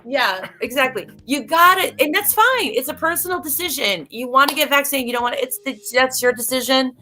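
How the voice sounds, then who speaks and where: A woman's voice: high-pitched, expressive, brisk, pushed and bright, soft background music. A woman hosting a casual livestream, talking emphatically and a bit preachily, straight to her viewers. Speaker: livestream host.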